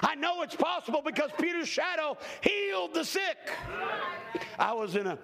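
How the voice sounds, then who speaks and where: A man preaching a sermon as a travelling evangelist to a church congregation, telling folksy stories with jokes and bursting into shouts. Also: very high voice, sing-song, moderate pace, vocal fry, a crowd in the background.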